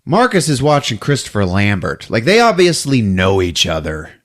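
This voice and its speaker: A man's voice: lowish voice, moderate pace. A man hosting a podcast, recapping a movie in casual chat and laughing often as he tells it. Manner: animated, laughs often while telling. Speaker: podcast host.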